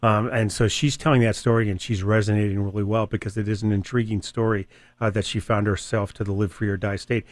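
A man's voice: fairly low pitch, little pitch movement, fast, no room sound. Talk radio host, chatty guy, joking around, dry close mic sound. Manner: chatty, joking, many fillers and restarts. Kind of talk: casual talk radio chat.

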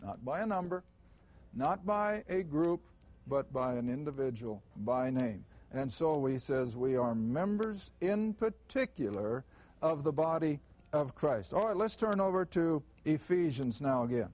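Slow, high-voiced teacher. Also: male voice, expressive, a little mellow, muffled recording. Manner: slow, deliberate verse reading with emphasis. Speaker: Bible teacher. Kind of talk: Bible class teaching.

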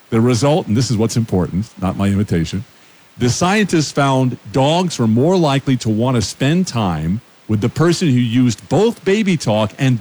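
A man's voice: medium pitch, a little mellow. A man hosting a short radio feature, upbeat and playful with a self-mocking touch. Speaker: radio host.

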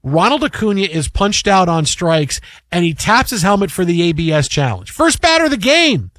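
Sports talk host, young man, high-pitched, rambling, animated storyteller, dry booth sound. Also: moderate pace, no room sound. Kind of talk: casual sports talk banter.

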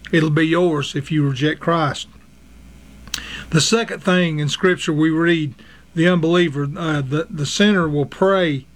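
A man preaching a sermon, earnest and halting, with frequent fillers, reading scripture aloud in old-fashioned wording. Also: a little high, steady tone. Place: radio broadcast.

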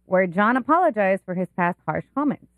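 Chatty co-host, middle pitch, dry close mic. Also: expressive, fairly quick, fairly bright tone, no echo. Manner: chatty, reads aloud from phone. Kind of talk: casual chat.

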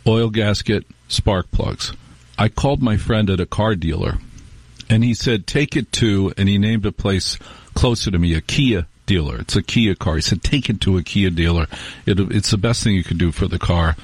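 Wry rambling radio host, low voice. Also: male voice, normal speed, breathy edge, dry recording. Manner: rambling, wry storytelling with restarts. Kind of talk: casual monologue on talk radio.

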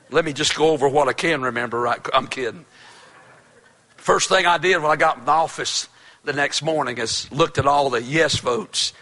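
A man preaching a sermon, fervent and folksy, often shouting. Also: on the high side. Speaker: pastor.

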